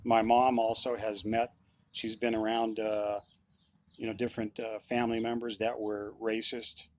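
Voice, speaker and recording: A man's voice: fairly low pitch, flat delivery, moderate pace, darkish tone. A middle-aged man, a musician, giving a blunt, insistent opinion monologue and repeating his points.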